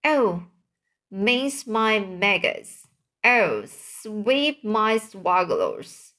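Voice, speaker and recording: A woman voicing a kindly, excitable male giant who mangles his grammar. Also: mid-range voice, extremely slow, full character voice. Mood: anguished. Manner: excited, stumbling, exclamatory.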